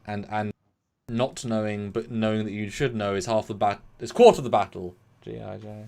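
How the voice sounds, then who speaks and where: A British man co-hosting a casual episode review, animated, acting out quotes and swinging between loud and soft. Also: fairly low pitch, moderate pace, gravelly. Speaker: podcast co-host.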